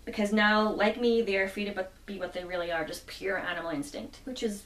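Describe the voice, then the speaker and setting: A woman chatting through a comic book plot and quoting the characters' lines along the way. Her voice sits at an ordinary middle pitch. It comes from some distance off a mic in a roomy, echoing space. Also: steady tone, brisk, fairly bright tone, slight background noise. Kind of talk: casual plot recap.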